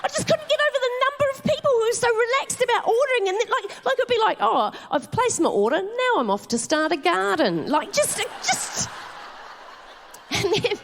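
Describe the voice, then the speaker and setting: A woman in her forties with a New Zealand accent, telling swearing, animated stand-up stories on a theatre stage. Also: very high voice, a little fast. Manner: animated storytelling with swearing and laughter. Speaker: stand-up comedian. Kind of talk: live stand-up set. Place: theatre stage before a live audience.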